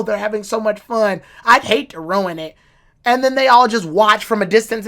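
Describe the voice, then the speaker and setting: A woman's voice: medium pitch, a bit bright. A woman giving a casual, rambling and opinionated episode review with swearing and restarts. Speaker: anime reviewer.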